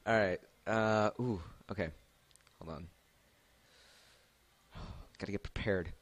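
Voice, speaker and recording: Man, low voice, casual stream host, rambling with lots of fillers. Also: slow, muffled recording. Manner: rambling, filler-heavy, laughs a lot. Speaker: stream host asking questions.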